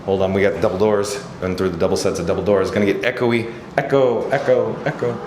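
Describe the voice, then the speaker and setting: A man's voice: low voice, flat delivery, racing, a little mellow. A man hosting a live-stream tour of hotel hallways, chatting and reading viewer comments aloud. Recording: noisy handheld phone recording.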